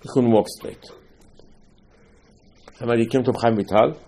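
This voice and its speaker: A man with a husky, slightly rough voice delivers a Torah lesson in the manner of a sermon. He tells stories emphatically, hammering points home by repeating them. His pitch sits in an ordinary middle range. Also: steady tone, normal speed, warm tone. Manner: emphatic storytelling, repeating phrases for stress. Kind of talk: Torah lesson on Passover night.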